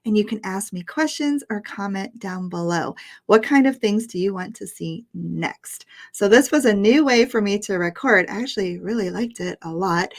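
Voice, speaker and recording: A woman teaching English pronunciation online, patient and upbeat, repeating words slowly for her learners to copy. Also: mid-range voice. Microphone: headphones while sharing screen.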